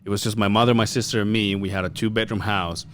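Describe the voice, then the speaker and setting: A man's voice: fairly low pitch, fairly even intonation, fast talker, a little hiss or hum. A man co-hosting a podcast, telling a story in a loose, profane, laughing way. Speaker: podcast co-host. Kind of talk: casual storytelling chat.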